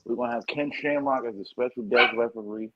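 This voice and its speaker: A man's voice: mid-range voice, fairly quick, lo-fi sound, slight background noise. A man co-hosting a casual talk show, talking in blunt slang. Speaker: podcast co-host. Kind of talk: casual chat.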